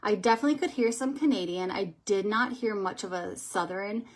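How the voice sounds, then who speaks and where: A woman's voice: mid-range voice, brisk. A woman chatting casually on a livestream as she does her makeup, telling rambling stories as she goes. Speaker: makeup artist and livestream host. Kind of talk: casual livestream chat while doing makeup.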